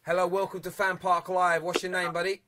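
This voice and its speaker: A man's voice: sits high, level tone, fairly quick, heavy background noise. A young man hosting a live football phone-in, chatty and jokey, laughing often and reading viewer comments aloud. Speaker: phone-in show host.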